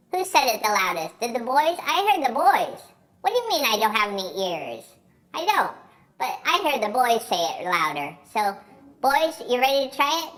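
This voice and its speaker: A man voicing a cheerful, excitable talking banana puppet who leads children in call-and-response at a children's church show. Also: very high voice, full character voice. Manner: bubbly, jokey, leads kids in call-and-response.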